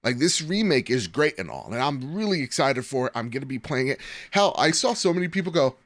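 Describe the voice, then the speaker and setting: A young man co-hosting a casual podcast, talking in an animated, rambling way and laughing often. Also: medium pitch, a little fast, dry recording, clean studio sound. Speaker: podcast co-host.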